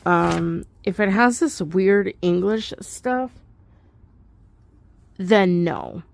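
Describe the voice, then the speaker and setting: A woman's voice: mid-range voice, very slow, gravelly. A young woman giving a casual, rambling study update, thinking aloud with fillers and little laughs. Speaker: homeschool student.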